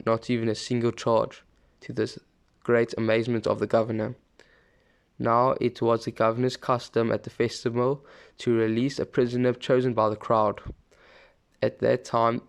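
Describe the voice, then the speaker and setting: A man reading a scripture passage aloud, steady and plain, with the odd small slip and restart. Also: medium pitch, vocal fry, smooth. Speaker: scripture reader.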